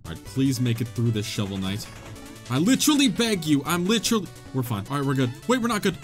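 An excitable young man giving let's play commentary. He is dramatic and jokey, with yelps and groans, in a fairly high voice that jumps all over. Quiet music plays underneath. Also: moderate pace. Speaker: gaming channel host.

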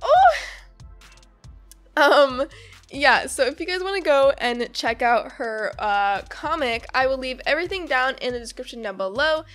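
A woman's voice: high voice, lively intonation, normal speed, a bit bright, soft background music. A woman hosting her own channel in casual vlog chat, bubbly and gushing as she reacts to a webcomic, with giggles and restarts. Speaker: YouTuber host.

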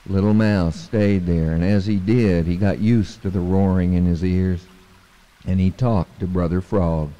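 A man telling a traditional animal story and reflecting on its meaning, in a measured, reflective storytelling manner, with a long hall reverb. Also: sits low, steady tone, mellow, highs cut off. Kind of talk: storytelling narration.

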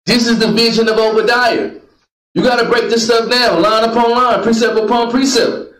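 In an echoey meeting room, a man preaches to a class, calling out verses for a reader and joking with the group. His extremely high voice is fairly bright and steady in tone, at normal speed.

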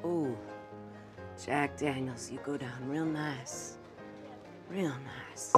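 A flirtatious sultry wife. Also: female voice, rumbling low, takes it slowly. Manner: flirtatious, suggestive. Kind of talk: improvised comedy sketch acting. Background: music.

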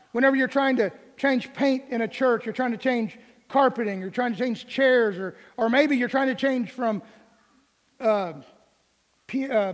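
Middle-aged male pastor, very high voice, folksy humorous preaching, reverberant sanctuary. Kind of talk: sermon. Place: church sanctuary.

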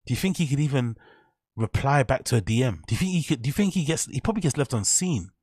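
A man's voice: mid-range voice, animated, fast, a little mellow, slightly rough, no room sound, studio quality. A man hosting casual reaction commentary, mocking and profane as he rambles over clips. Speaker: commentary channel host.

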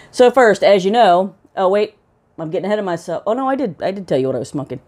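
A woman's voice: medium pitch, big pitch swings, brisk, darkish tone. A woman hosting her own pipe-smoking vlog, chatting casually to camera in a rambling, self-mocking way with plenty of fillers.

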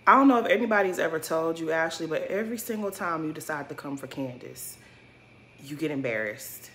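A woman with a bright, forceful voice talks through a reality TV episode in a casual recap. She is blunt and sassy, loose with slang and swearing. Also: sits low, fairly quick. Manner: colloquial slang-heavy talk.

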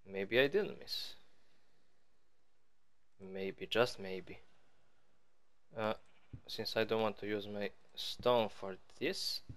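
Slow, smooth-voiced man playing a game. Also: lowish voice. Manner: rambling, playful, self-mocking. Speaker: gaming channel host. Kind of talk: casual let's-play commentary.

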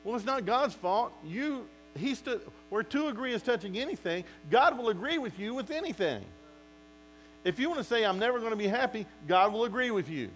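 A man's voice: very high voice, moderate pace, slight background noise, rough recording. A male pastor preaching a sermon, acting out quotes from his listeners and talking straight to them. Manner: animated preaching with acted-out quotes.

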